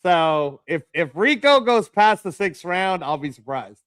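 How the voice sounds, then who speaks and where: A brash co-host with a noticeably high voice, teasing and trash-talking in casual chat on a fight stream. The sound is dry and close, with no room echo. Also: male voice, very animated, measured pace, fairly bright tone, clear, resonant tone. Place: studio.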